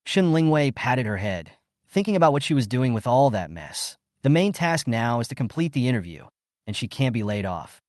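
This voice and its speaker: A man reading a scripted story recap in steady storytelling narration. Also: mid-range voice, normal speed, no room sound, studio quality.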